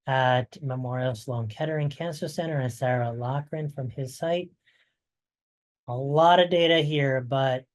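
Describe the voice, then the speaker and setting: A man's voice: fairly high pitch, darkish tone. A man presenting research updates in a webinar, conversational and fond of rhetorical asides, while losing his voice.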